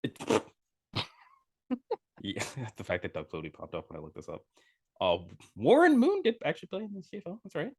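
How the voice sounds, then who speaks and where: A man's voice: fairly low pitch, huge pitch swings, moderate pace, long pauses, a little mellow. A man co-hosting a casual sports podcast, talking in rambling runs full of fillers and restarts. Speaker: podcast co-host.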